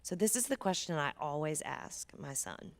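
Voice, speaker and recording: A woman's voice: sits low, animated, normal speed. A woman speaking as a guest speaker, giving an earnest, conversational parenting talk to a church audience and dropping to a near whisper for emphasis.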